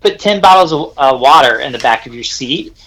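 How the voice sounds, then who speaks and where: Bright, rambling guy. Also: mid-range voice, lively intonation, fairly quick, poor audio. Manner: rambling, many restarts and fillers. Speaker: podcast co-host. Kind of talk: casual podcast chat.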